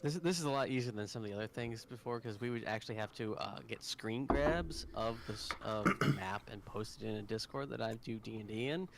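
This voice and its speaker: A man's voice: on the low side, fairly quick, creaky, hardly any pauses, background noise. Easygoing American man running the game. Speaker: game master. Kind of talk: casual voice chat.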